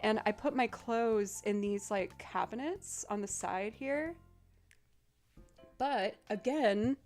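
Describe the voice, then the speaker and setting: A woman streamer chatting casually on a livestream, telling stories with frequent laughs. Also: mid-range voice. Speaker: streamer and musician. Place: home streaming setup.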